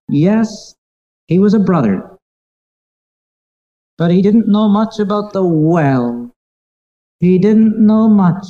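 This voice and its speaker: A preacher giving a sermon in an earnest, tender way, stretching key phrases slowly for emphasis. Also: medium pitch, mellow, muffled recording.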